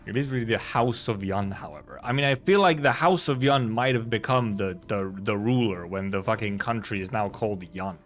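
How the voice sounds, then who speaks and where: A man's voice: on the low side, a little fast, few pauses, soft background music. A man streaming a live read-through of a game story, reading the lines plainly and breaking off for wry, chatty asides. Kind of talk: casual live reading with commentary.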